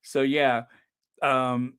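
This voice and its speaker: Slow-talking man with a smooth voice. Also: medium pitch, flat delivery, a bit bright. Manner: chatty, reads out viewer names and comments, laughs often. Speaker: channel host. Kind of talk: casual live-stream chat.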